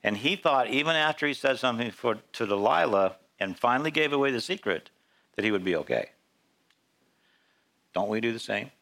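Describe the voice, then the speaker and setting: Bright-voiced man preaching a sermon. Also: medium pitch, fast talker. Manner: animated storytelling, acting out voices in Bible stories. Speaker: pastor. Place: church.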